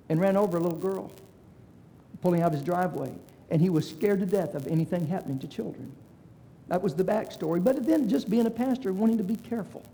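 The long reverb of a large hall surrounds a man in his 60s with a high, creaky, dark-toned voice. He's a pastor sharing a personal story in a sermon, folksy in manner and mimicking the voices of those he quotes.

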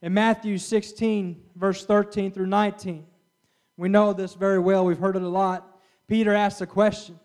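A man's voice: high-pitched, flat delivery, normal speed, a little mellow, clean tone. A middle-aged man preaching a sermon in an earnest way, often stopping for an amen and restarting his words. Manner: earnest, with frequent amens and restarts.

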